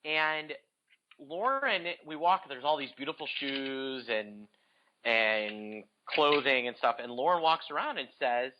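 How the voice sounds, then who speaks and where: A man's voice: mid-range voice, lively intonation, measured pace. Chicago man rambling about markets. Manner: rambling, many restarts and fillers. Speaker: podcast co-host. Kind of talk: casual market talk. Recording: dull lo-fi podcast audio.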